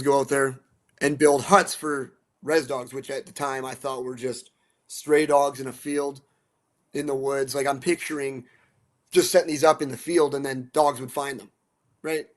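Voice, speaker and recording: A man from central Alberta talking casually as a guest, animated and blunt, swearing now and then, restarting and repeating words. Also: medium pitch, moderate pace. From central Alberta, Canada. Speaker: guest, musician and dog rescue advocate. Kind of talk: casual storytelling.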